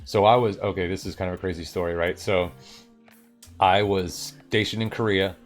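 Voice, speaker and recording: A middle-aged man from New York telling a story on a live stream, animated and acting out the people in it. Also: sits low, moderate pace, soft background music. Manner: animated, acts out voices of people in his story, swears. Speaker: livestream host. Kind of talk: casual storytelling on a coding stream.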